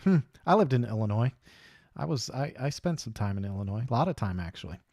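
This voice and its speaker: A man's voice: medium pitch, very animated, quick pace, a little mellow, dry recording, studio quality. A middle-aged man hosting a live hobby stream, chatting casually in a rambling, easygoing way and greeting viewers by name. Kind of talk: casual livestream chat.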